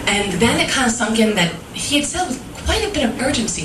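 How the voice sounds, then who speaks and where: Young woman telling a personal story live, kinda high voice, mic's far off and roomy, some noise. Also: sing-song, fairly quick. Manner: earnest, emotional first-person telling.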